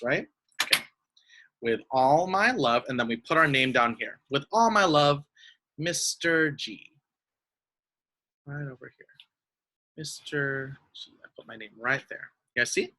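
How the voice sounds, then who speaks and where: A young man teaching young children in an online lesson, speaking slowly in a sweet, sing-song way. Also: medium pitch, sharp tone, rough recording.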